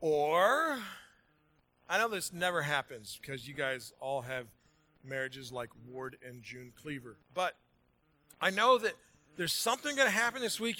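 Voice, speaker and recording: A man's voice: fairly high pitch, sharp tone. A man preaching a sermon to a congregation, conversational and jokey, building energy and then settling into reading scripture. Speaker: pastor. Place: large room with congregation.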